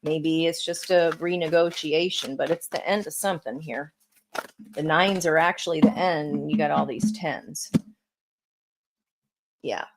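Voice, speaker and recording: A woman's voice: low-pitched, measured pace, long pauses, rough recording. A woman giving a casual tarot reading, chatty and encouraging, talking straight to her viewers. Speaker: tarot reader.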